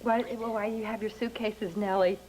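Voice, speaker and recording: A woman's voice: mid-range voice, steady tone, a little fast, close to an everyday voice, rough recording. An actress playing a flustered, hesitant young woman in a soap opera.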